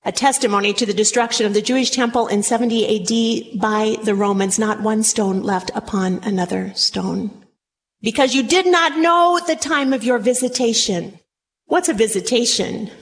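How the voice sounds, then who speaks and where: A woman preaching a sermon, dramatic and animated, acting out scripture voices. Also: fairly high pitch. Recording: long hall reverb, faint noise.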